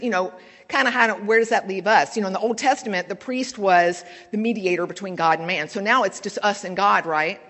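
A woman's voice: medium pitch, fairly bright tone. Woman preaching, long church reverb. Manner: conversational, candid storytelling. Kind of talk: sermon. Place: church sanctuary.

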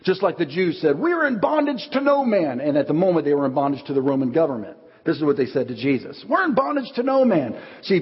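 Animated preacher in a reverberant hall. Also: male voice, on the high side, slightly rough. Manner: animated storytelling, acts out quotes. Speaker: pastor. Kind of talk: sermon. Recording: dull audio with long hall reverb.

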